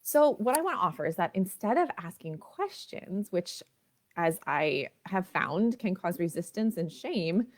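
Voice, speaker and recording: Casting: woman, 30s, parenting coach on a livestream, chatty, slightly low voice. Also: big pitch swings, a little slow. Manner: warm, chatty, laughs often. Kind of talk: livestream talk to viewers.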